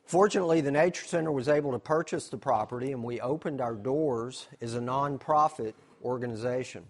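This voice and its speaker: Man, nature center presenter, mid-pitched, explains step by step, asks questions then answers them. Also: fairly quick. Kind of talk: slideshow presentation.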